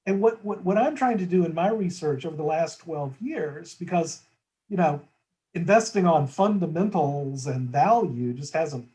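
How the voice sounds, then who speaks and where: A man's voice: on the high side, lively intonation, moderate pace, warm tone, low-quality recording. A man as a guest in a conversational market discussion, talking thoughtfully with frequent restarts and tag questions.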